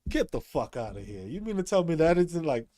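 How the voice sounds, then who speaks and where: A man's voice: on the high side, big pitch swings, a little fast, dark tone, no echo, studio quality. A man talking casually as a streamer, rambling, repeating himself and laughing often. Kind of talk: casual monologue.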